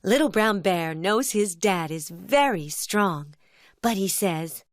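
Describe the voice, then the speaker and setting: A woman telling a children's cartoon story as narrator, in a gentle storybook manner. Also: medium pitch, animated, slow pace, dry recording, studio quality.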